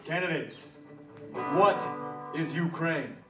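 A man hosts a mock debate in a joking announcer tone. His voice sits high and echoes from across a room with music behind. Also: slow pace, distant mic. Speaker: debate moderator host. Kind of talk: comedy show hosting.

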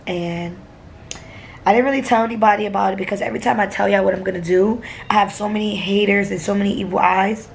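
A gravelly, mid-range voice, fast and fairly even in intonation, comes with a little hiss or hum. It belongs to a young New York woman doing a casual vlog at an airport and in a hotel room, phone at arm's length, profane and blunt and at times in tears.

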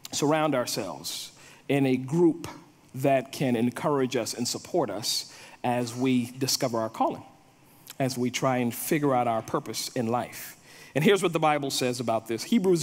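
A man's voice: mid-range voice, lively intonation, moderate pace, big-room sound. A male pastor preaching a sermon, telling stories and repeating words as he builds a point.

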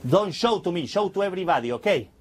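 A man works a crowd as a stage magician, his voice rising and falling with animated energy. He talks playfully in slightly broken English, and a faint hiss sits under the recording. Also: high voice, fast. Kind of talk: stage magic patter to an audience.

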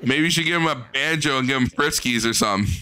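A man's voice: medium pitch, fast talker, bright, forceful tone, slight background noise. A man giving casual, profane reaction commentary, mocking a clip and laughing often. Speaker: reaction streamer.

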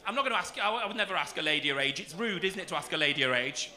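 Rapid-fire and animated, a man in his 40s delivers stand-up in a slightly high, bright, pushed voice. Camp and cheeky, he teases the crowd and swears freely from the comedy club stage. The room is noisy, with audience laughter throughout.

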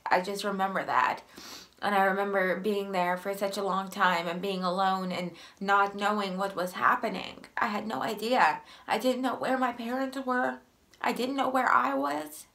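A young woman with a runny nose and short breath tells her life story to camera, sighing often and turning soft and emotional. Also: medium pitch. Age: young adult. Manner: emotional, sighing, voice rising and softening.

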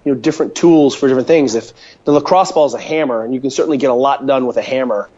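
A man talking as an interview guest over a call, an animated storyteller full of fillers, standing at a home counter. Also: mid-range voice, racing. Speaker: guest, mobility coach. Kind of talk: casual interview by phone call. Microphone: phone or call line. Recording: dull lo-fi call audio.

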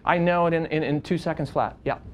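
A man's voice: fairly high pitch, fast. Passionate man teaching a workshop. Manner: passionate, emphatic storyteller. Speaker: wedding photographer teaching a workshop. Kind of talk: live workshop talk. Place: room with an audience.

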